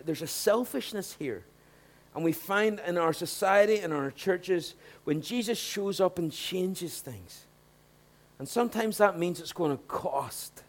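Animated preacher man. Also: sits high. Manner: animated, swings between hushed asides and loud emphatic points. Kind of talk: sermon.

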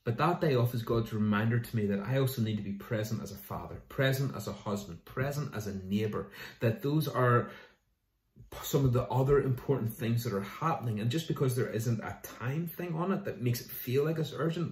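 A man's voice: mid-range voice, a little fast, reverberant. A middle-aged man preaching a sermon as a pastor, telling stories and acting out the voices of the people in them. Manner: storytelling, animated with quoted voices. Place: church.

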